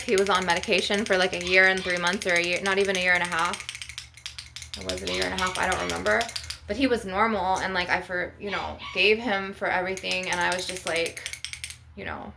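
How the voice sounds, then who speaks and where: Anxious, high-strung woman venting to camera, rambling and profane; recording has clear background noise. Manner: anxious, rambling, swears a lot. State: anxious and stressed. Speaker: spiritual vlogger. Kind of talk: emotional venting vlog.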